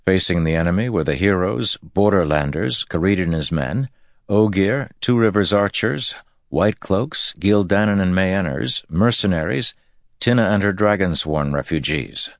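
A man narrating a fantasy battle scene with measured storytelling delivery. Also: low-pitched, expressive, no room sound, clean studio sound. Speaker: audiobook narrator. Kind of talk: scripted narration.

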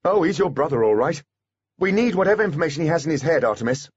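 A man voicing a brisk, impatient female fairy officer who speaks curtly and gives orders. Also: a little high, animated, husky, dull audio, voice pushed up. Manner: curt, commanding.

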